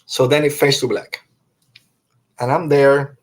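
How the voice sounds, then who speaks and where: Choked up while reviewing an episode, a middle-aged man hosting a podcast sighs and keeps starting his sentences over, speaking emotionally and from the heart. His pitch is medium and barely moves, and he talks a little slowly.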